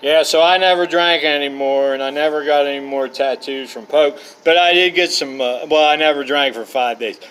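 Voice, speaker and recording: A man's voice: on the high side, moderate pace, few pauses, fairly bright tone, clean tone, low-quality recording. A middle-aged man vlogging from a campsite, telling rambling personal stories in a colloquial way, full of uhs and asides. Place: outdoors at a campsite.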